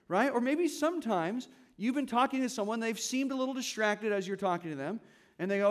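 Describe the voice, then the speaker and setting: A man with a fairly high voice delivers a sermon to his church. He talks in a relaxed, conversational way. He keeps asking the congregation questions as he teaches. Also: moderate pace. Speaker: pastor.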